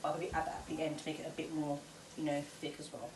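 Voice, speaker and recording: Young female vlogger with a low voice, relaxed and self-deprecating while cooking; kitchen noise behind her. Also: racing. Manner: chatty, self-deprecating, with fillers and laughs. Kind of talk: casual cooking demonstration. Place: home kitchen. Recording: noisy kitchen recording.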